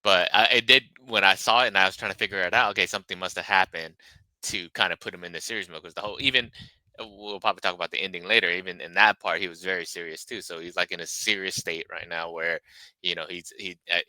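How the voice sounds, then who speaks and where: A man appearing as a podcast guest, speaking casually and haltingly with many restarts. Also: sits low, steady tone, sharp tone, no room sound, low-quality recording.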